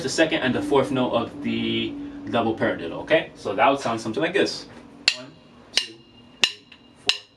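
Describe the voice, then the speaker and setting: Man, casual drum lesson vlog, counts beats, camera mic from a distance, faint background noise. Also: mid-range voice. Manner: relaxed, talks through drum exercises, counts off beats. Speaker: drum teacher. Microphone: camera microphone.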